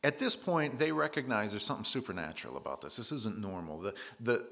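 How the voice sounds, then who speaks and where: A man's voice: on the low side, lively intonation, quick pace, vocal fry, bright, forceful tone. A man preaching a conversational sermon, retelling scripture in everyday words with casual asides.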